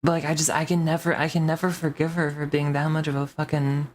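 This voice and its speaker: A woman's voice: low-pitched, level tone, fast talker, darkish tone, slight background noise. A woman streamer ranting casually to her chat, rambling and swearing with many restarts.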